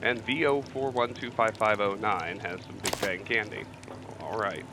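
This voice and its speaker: A man's voice: lowish voice, moderate pace. A man in his thirties hosting a let's play, giving casual, wry and joking commentary as he plays. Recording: steady background hiss.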